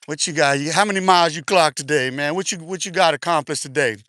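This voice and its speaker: A man's voice: sits high, fairly quick, bright, forceful tone, clear, resonant tone, no room sound, clean studio sound. A man livestreaming while out on a long walk, a bit out of breath, taunting his viewers in slangy talk and laughing often. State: out of breath from walking. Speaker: livestream host. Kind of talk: casual live stream talk while walking. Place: outdoors, walking.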